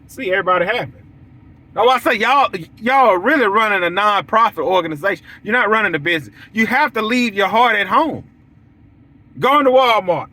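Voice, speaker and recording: A young man who owns a lawn care business, speaking casually but bluntly to his audience. He hammers his points home by repeating them. His voice is high and bright, with a sharp edge. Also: fairly quick. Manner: preachy, repetitive, blunt, acts out quoted lines.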